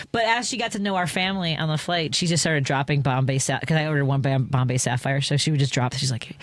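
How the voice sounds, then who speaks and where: A woman's voice: sits low, fast, hardly any pauses, dry recording. A woman hosting a radio talk show, telling stories in a chatty way and laughing often in the studio. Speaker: radio host. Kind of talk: casual studio chat. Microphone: studio microphone.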